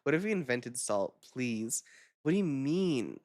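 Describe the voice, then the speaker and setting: A vtuber streamer chatting casually on a live stream, rambling and swearing, with quick reactions and frequent laughter. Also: mid-range voice, sing-song, a little mellow, dry recording, clean studio sound. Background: background music.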